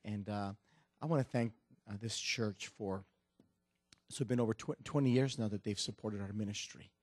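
A middle-aged man, a visiting missionary preaching a sermon, halting with many restarts. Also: lowish voice, no room sound. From Mexico. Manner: warm, halting with restarts, building to loud preaching. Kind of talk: sermon with joke and scripture reading.

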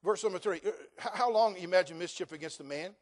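A middle-aged male pastor preaching a sermon, folksy and joking, acting out dialogue and rising to loud, fervent passages. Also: high voice, fast talker. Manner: animated preaching, acts out dialogue, rises to loud fervent climaxes.

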